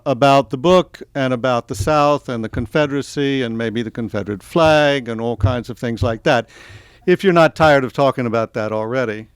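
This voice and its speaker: A man's voice: medium pitch, smooth, no echo. A middle-aged man from the American South giving a conversational, self-deprecating author talk at a bookstore. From American South, Tennessee and Georgia. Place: bookstore event space.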